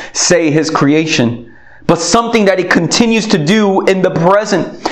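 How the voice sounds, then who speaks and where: A man preaching a sermon in an earnest tone, pausing to stress his words. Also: on the high side, echoey room. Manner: earnest, slow emphatic phrasing with many pauses. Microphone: recorded for video.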